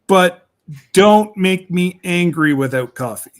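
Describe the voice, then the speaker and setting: A man's voice: high-pitched, animated, takes it slowly. A man chatting casually on a video call, rambling and laughing often. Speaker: regular on a group chat show. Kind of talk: casual chat.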